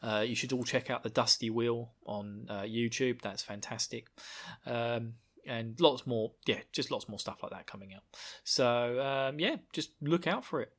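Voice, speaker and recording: A man's voice: medium pitch, unhurried, a bit bright. A man from the UK, hosting a podcast in rambling casual chat and laughing at his own jokes. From United Kingdom. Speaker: podcast host.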